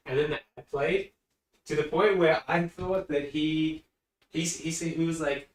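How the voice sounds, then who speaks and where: A man's voice: a little high, fairly even intonation, measured pace. Distracted male streamer, echoey and distant. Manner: rambling, easily distracted. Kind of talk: casual livestream chat. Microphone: sitting far from the mic. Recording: echoey room, distant mic.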